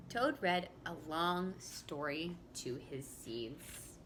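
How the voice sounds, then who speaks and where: Woman preschool teacher reading a storybook at home, bright and very animated, talks to the kids. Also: fairly low pitch, drawn-out words, few pauses, a little hiss or hum. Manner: warm, expressive, talks to young children.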